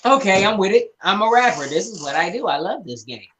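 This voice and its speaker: A man's voice: big pitch swings, fairly quick, crowd noise. A man co-hosting a casual livestream over a video call, playful and teasing. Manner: playful, teasing, bursts into loud high shouting. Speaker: guest co-host.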